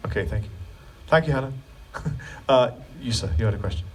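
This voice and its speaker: A man's voice: medium pitch, brisk, slightly rough, far from the mic. A man leading a guitar clinic in a music store, answering questions in a chatty, joking way. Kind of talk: live clinic Q&A storytelling.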